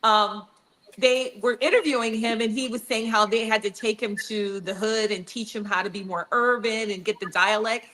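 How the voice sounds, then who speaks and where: Woman, talk-show host, casual chat, animated storyteller, bright tone. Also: fairly high pitch, normal speed, rough recording. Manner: chatty storyteller, animated anecdotes.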